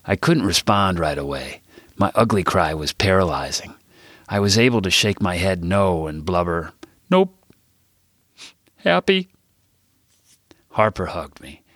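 A man's voice: deep voice, moderate pace, fairly bright tone, breathy edge, no echo. A man reading his own book aloud as an audiobook, telling the story in a candid, self-deprecating way. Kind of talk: audiobook narration.

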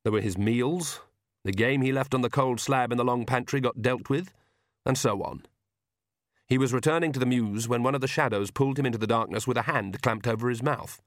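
Male audiobook narrator, mid pitch, dry close recording. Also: a little fast, dry recording. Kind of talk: scripted narration.

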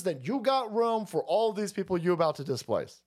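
A foul-mouthed man hosting a stream, mocking and ranting loudly as he stumbles over his words. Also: high-pitched, very animated, normal speed. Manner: loud, mocking, foul-mouthed, restarts a lot. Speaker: streamer host. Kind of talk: profane political rant.

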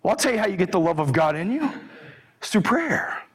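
A man's voice: high voice, brisk, breathy edge. A man preaching a sermon, fervent at times and conversational at others. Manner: shouting and fervent, then calmer and conversational.

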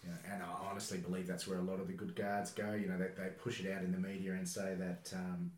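Deep-voiced podcast host man. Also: monotone, quick pace, echoey room. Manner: opinionated, reflective. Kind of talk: casual podcast chat.

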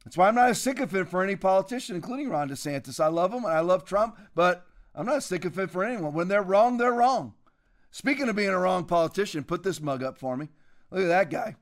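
High-voiced combative male commentator. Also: lively intonation, fast. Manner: combative, mocking, preachy. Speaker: show host.

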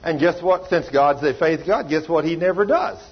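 A man's voice: on the high side, moderate pace, slightly rough, lo-fi sound. Folksy preacher man telling stories. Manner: storytelling preacher acting out dialogue in a folksy drawl. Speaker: pastor. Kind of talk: sermon.

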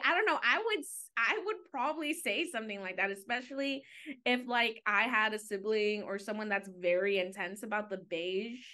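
A woman's voice: medium pitch, moderate pace, pushed and bright. A woman co-hosting a casual podcast, talking chattily and filling her sentences with "like". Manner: chatty, many "like" fillers. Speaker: podcast co-host.

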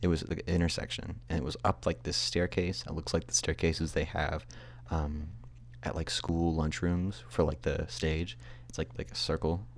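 A man's voice: very deep voice, flat delivery, moderate pace, creaky. A young man hosting a podcast, telling a long personal story in a rambling, self-deprecating way and often laughing at himself. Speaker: podcast host. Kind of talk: casual storytelling.

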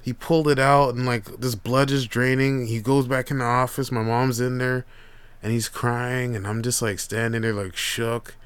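A young man hosts a podcast, telling casual stories packed with profanity and laid-back slang in an animated way. His voice sits mid-range at a moderate pace, smooth and free of echo.

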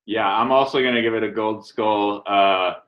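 A man's voice: fairly low pitch, steady tone, moderate pace. A man co-hosting a podcast in casual chat, swearing freely and laughing through his sentences. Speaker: podcast co-host. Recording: dull lo-fi mic.

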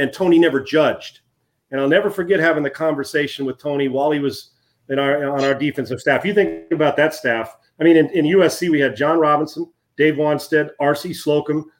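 A man in his fifties, a former football player and guest, telling casual stories in an animated way and often repeating words as he goes. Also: a little high, a little fast. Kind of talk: casual storytelling.

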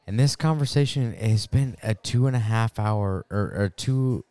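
A man's voice: lowish voice, moderate pace, warm tone, clear, resonant tone, dry recording. A man co-hosting a casual chat, emphatic and profane, laughing often. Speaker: podcast co-host.

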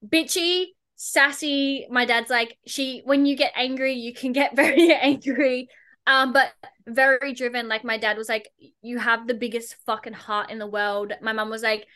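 A young woman chats on a podcast in a casual, blunt way. She is sarcastic and swears freely. Her voice is bright and a little high. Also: little pitch movement, normal speed. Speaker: podcast guest, entrepreneur.

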